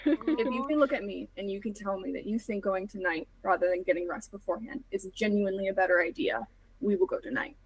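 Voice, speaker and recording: A woman's voice: medium pitch, quick pace, natural voice, rough recording. A woman playing an earnest young adventurer who speaks persuasively in her own voice.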